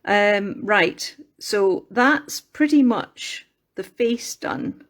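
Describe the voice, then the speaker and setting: A woman with a Scottish accent talks through her sculpting on a live chat, recorded on a phone in her workshop room in a mill. She rambles cheerfully, drifts onto tangents and then picks the thread back up. Her voice sits at an everyday middle pitch. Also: animated, very slow. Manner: rambling, chatty, wanders off on tangents. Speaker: craft livestreamer.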